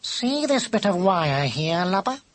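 Male reader doing a sly male storybook cat, higher and lilting, slow mocking drawl. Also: sing-song, fairly bright tone, full character voice, poor audio. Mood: teasing. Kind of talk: audiobook character voice.

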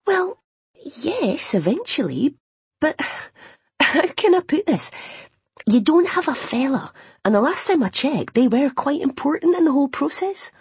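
A woman's voice: high voice, very animated, measured pace, pauses often, dry recording, pitched above the performer's own voice, heavily acted. Woman putting on a blunt, worried young best friend. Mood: exasperated, worried. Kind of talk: audiobook character voice.

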